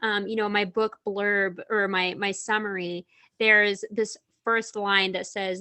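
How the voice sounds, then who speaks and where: A young adult woman talking as a guest author in a casual interview, chatty and animated, often laughing. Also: medium pitch, takes it slowly.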